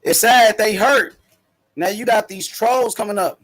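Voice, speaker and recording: A man hosting a casual boxing talk stream, talking loud, profane trash. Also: high voice, unhurried. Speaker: host.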